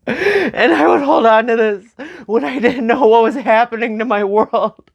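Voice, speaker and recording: A young woman speaking slowly and tearfully in a personal memorial vlog, with soft nervous laughs. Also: on the high side, creaky, muffled recording. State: crying. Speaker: vlogger.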